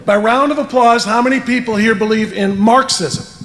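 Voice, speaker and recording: A man hosting a political town hall, running crowd work with brisk jokes. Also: extremely high pitch, fairly bright tone.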